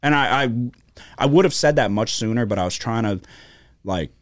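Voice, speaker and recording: A man's voice: normal speed, no echo. A man co-hosting a podcast, telling a story in casual, profane chat, his voice jumping up when he gets worked up. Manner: animated storytelling, heavy swearing, pitch jumps when worked up. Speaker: podcast co-host. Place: podcast studio.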